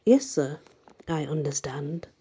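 Woman doing a quiet, stubborn sexton, low and breathy, half to himself. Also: animated, takes it slowly, full character voice. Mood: hushed. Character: steady male church sexton, quiet and stubborn.

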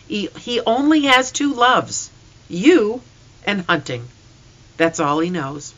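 A reader voicing a steady, gentle farm father who speaks calmly and comfortingly, in a dull lo-fi recording. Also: medium pitch, slow, voice pushed up. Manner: calm and comforting.

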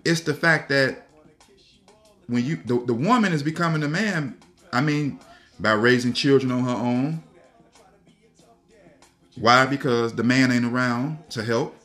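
A man rambles through a profane story in a loose podcast chat, laughing and circling back on his own words. His voice sits at an ordinary middle pitch, and faint music plays underneath. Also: measured pace, pauses often, bright, forceful tone. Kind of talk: casual storytelling rant.

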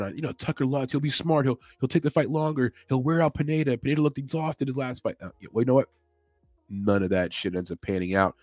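A man's voice: medium pitch, fast talker, a little mellow, no echo. A man hosting a casual sports betting podcast, loose and chatty, thinking aloud as he goes. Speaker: MMA betting podcast host. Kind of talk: casual chat.

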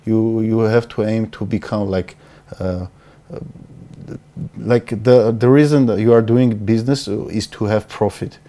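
A man hosting a podcast interview, speaking in a hesitant, halting way. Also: fairly low pitch, fairly even intonation, warm tone. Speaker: podcast host. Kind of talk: casual interview talk.

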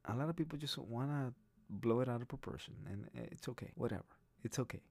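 A man's voice: medium pitch, quick pace, vocal fry, a little mellow, dry recording. A man hosting a solo podcast, talking bluntly and profanely in a rambling way with many restarts. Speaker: podcast host. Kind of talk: casual solo podcast monologue.

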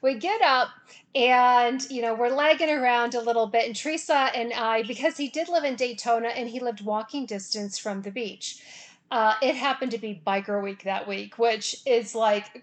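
High-voiced woman telling a wild story. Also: normal speed. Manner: animated, laughing, often adds "okay?". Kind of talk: casual storytelling.

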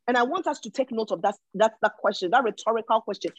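A woman's voice: on the high side, animated, quick pace, few pauses, slightly rough, no room sound, muffled recording. A woman teaching from the Bible in a sermon style. She reads verses aloud, then explains them with emphasis and often repeats words as she thinks.

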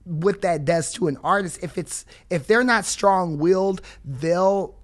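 A man's voice: sits high, a little slow. A man hosting a casual podcast chat. He is laid-back, uses streetwise slang and keeps affirming his guest.

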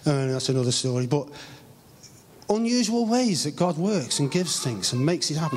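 Man, English accent, pastor, sermon, earnest, drawn-out emphasis, long church reverb. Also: high voice, expressive, a little mellow. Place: church hall. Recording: live stream with long hall reverb.

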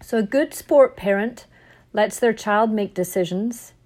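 A middle-aged woman hosting a parenting podcast, talking casually and telling stories, with a frog in her throat and the odd throat clear. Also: medium pitch, measured pace, a little mellow. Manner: chatty, self-correcting, storytelling. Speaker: podcast host and parent coach.

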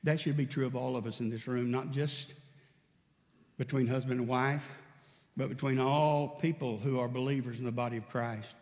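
A pastor preaches at normal speed in a mid-range, darkish voice with fairly even intonation, sounding through a large church hall. He relates stories in his sermon and voices the dialogue, raising his tone as he acts it out.

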